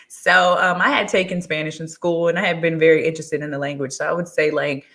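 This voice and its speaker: Woman, lowish voice, relaxed guest chat with frequent laughs. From Texas, USA. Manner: chatty, laughs often, animated when quoting others. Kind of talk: casual conversational interview.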